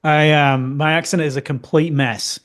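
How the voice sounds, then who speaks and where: A man's voice: a little high, steady tone, moderate pace, a bit bright. Male podcast guest, Northern English accent worn toward American, easygoing and self-mocking. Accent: Northern English softened toward American. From Northern England. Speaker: guest, company founder. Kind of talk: casual podcast interview.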